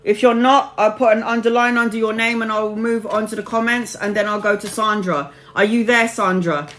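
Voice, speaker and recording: A woman's voice: on the high side, steady tone, normal speed, fairly bright tone, slight background noise. Casual woman tarot reader on a live stream. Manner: casual and affectionate, calls viewers honey and babes. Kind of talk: live-stream tarot reading, chatting with viewers.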